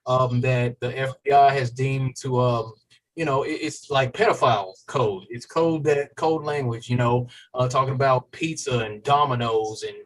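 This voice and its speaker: A man's voice: mid-range voice, steady tone, normal speed, poor audio. A man joining a podcast as co-guest, laid-back and hesitant, speaking with many fillers. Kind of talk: casual podcast chat.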